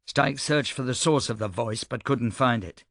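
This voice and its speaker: Male audiobook narrator, gravelly tone, steady storytelling, dry close sound. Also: medium pitch, normal speed, dry recording.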